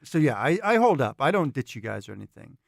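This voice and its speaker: A man playing a tabletop horror game, animated and quick to laugh and yell in character. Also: mid-range voice, vocal fry, dry recording, studio quality. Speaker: player.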